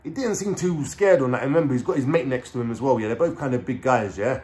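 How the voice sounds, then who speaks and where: A man with a London accent recounts a story in a loose, conversational way. He talks in street slang, swears freely and keeps checking in with the listener. His voice sits at an ordinary middle pitch. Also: fast, a little mellow, a little hiss or hum. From England. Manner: street slang, swearing, frequent "you know what I'm saying". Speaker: vlogger. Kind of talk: casual storytelling.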